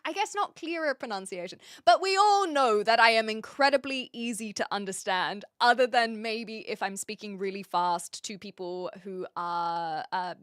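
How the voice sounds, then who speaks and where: A woman's voice: fairly high pitch, fairly bright tone, no echo, studio quality. A woman with a New Zealand accent chatting casually on a live stream from her home setup, laughing often as she reads and answers chat.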